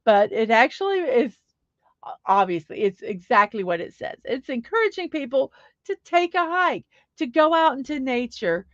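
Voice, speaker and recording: A middle-aged woman chatting on her morning livestream in an upbeat, rambling way, with a voice pitched a touch high. The sound is a bit dull and lo-fi, close and dry with no room echo. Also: sing-song, moderate pace. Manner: chatty, upbeat, reads chat aloud. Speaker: livestream host. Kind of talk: casual livestream chat.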